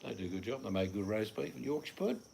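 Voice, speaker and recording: A man's voice: fairly low pitch, expressive, rapid-fire, gravelly, a little mellow, a little hiss or hum. An older man with an Australian accent, hosting a casual live chat from home and reading out comments, talking in a blunt, rambling way with the odd swear. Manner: blunt, chatty, swears offhandedly. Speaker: livestream host reading chat. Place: at home in the evening.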